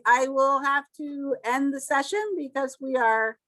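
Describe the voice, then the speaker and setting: A woman teacher in casual classroom talk, chatty, calling on students and making quick asides. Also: high-pitched, steady tone, a bit bright.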